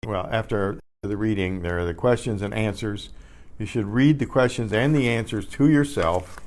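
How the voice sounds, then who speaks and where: Slow, patient older man teaching Spanish. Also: lowish voice. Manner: slow, patient, spells out letters and repeats words; frequent throat clearing and self-corrections. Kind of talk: beginner language lesson.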